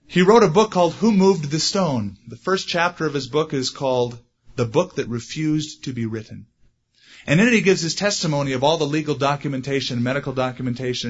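A man preaching a sermon, animated, growing loud and high when he stresses a point. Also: breathy edge, dull audio. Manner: animated, rising loud for emphasis. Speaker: pastor.

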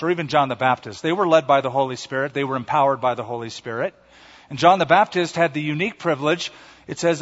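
Casting note: male preacher, fairly high-pitched, pausing for emphasis, lo-fi recording. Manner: emphatic, storytelling, with dramatic pauses. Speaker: pastor. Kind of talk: sermon. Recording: echoey hall, dull lo-fi sound.

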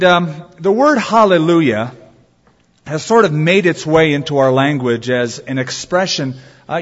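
A man pastor preaching a sermon, telling stories with drawn-out emphatic phrases. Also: on the high side. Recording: dull sound in a reverberant hall.

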